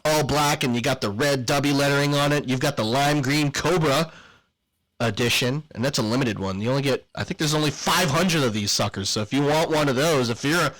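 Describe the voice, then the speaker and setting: A man's voice: mid-range voice, fairly quick, a bit bright, poor audio. A man co-hosting a podcast, reading an ad in a playful, jokey, rambling way with lots of fillers, then signing off casually. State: out of breath. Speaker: podcast co-host. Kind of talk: casual podcast chat and ad read.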